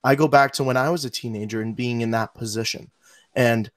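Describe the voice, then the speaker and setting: A man's voice: medium pitch, steady tone, fairly quick, dry recording, studio quality. A man hosting a podcast interview, talking enthusiastically in long run-on sentences and affirming his guest. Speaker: podcast host. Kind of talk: casual conversational interview.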